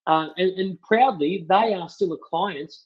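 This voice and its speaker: Higher-voiced man, dull lo-fi sound. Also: measured pace, slightly rough. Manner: upbeat storytelling, filler-heavy. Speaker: podcast guest, company partnerships lead. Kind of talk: casual interview chat.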